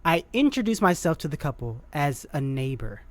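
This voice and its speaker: A woman's voice: deep voice, sing-song, moderate pace. A woman co-hosting a podcast, telling a story in a casual chat, acting out scenes and laughing often. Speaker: podcast co-host.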